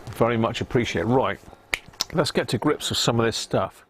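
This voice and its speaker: A man's voice: mid-range voice, moderate pace, a little hiss or hum. A man hosting a casual live stream, chatting with viewers and muttering to himself as he tests parts at an electronics workbench. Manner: chatty, answers live chat, mutters while testing parts. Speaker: live-stream host repairing a vintage radio. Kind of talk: casual live-stream chat while working.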